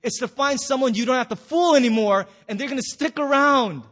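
Man, pastor, sermon, high voice, playful storyteller, church hall. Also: fairly quick, a bit bright. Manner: storytelling with playful acted-out quotes.

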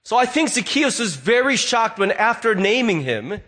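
Man, pastor, sermon, high-pitched voice, storytelling delivery. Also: sing-song, moderate pace, pushed and bright. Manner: storytelling, acts out voices in quotes.

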